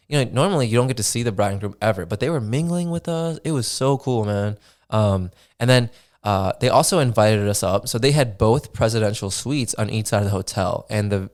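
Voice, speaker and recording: A young man hosting his own podcast, telling a travel story in a relaxed, casual way, full of fillers and swearing. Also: on the low side. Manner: laid-back, swears freely, many fillers like "dude" and "man". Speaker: podcast host.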